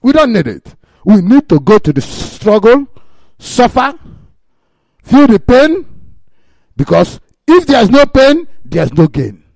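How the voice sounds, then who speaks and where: A man's voice: very high-pitched, very animated, takes it slowly, creaky, darkish tone, dry recording. A man, giving an emphatic speech that mixes Igbo and English. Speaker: speaker at a radio meeting.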